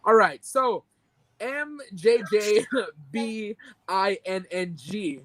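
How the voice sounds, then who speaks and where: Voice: mid-range voice, lively intonation, slow pace, a crowd in the background, low-quality recording. A young adult podcast co-host giving a heated, profane, indignant rant about a movie review. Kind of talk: ranting movie-review reaction.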